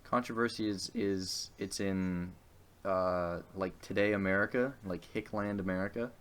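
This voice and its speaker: Young man, low voice, rambling, hesitant, swears a lot, casual podcast chat. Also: fairly even intonation, unhurried, clear, resonant tone. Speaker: podcast co-host.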